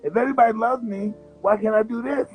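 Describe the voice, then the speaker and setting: A man in his fifties from the United States, a guest in an interview, telling blunt, animated stories and acting out other people's voices. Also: extremely high pitch, quick pace, muffled recording, soft background music. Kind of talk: candid interview storytelling.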